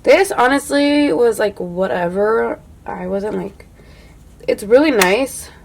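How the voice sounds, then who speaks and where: A young adult woman, a beauty vlogger, chats casually through a makeup declutter at medium pitch and a slow pace. She says "like" constantly and drops to a soft hush when admiring products.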